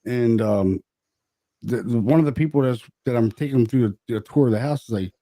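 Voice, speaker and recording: A man co-hosting a podcast, telling stories in animated, profane casual chat. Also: medium pitch, brisk, no room sound. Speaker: podcast co-host.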